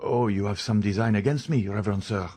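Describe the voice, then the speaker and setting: A man's voice: on the low side, brisk, mellow, natural voice. A man reading an audiobook, voicing a cowardly, fearful thief who pleads and stammers. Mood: fearful pleading.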